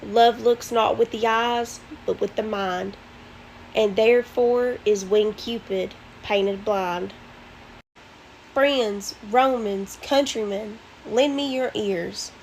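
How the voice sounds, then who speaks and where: A woman with an Appalachian accent reading Shakespeare aloud, loud and theatrical. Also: medium pitch, steady tone, slight background noise, low-quality recording. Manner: loud, theatrical, drawn-out delivery.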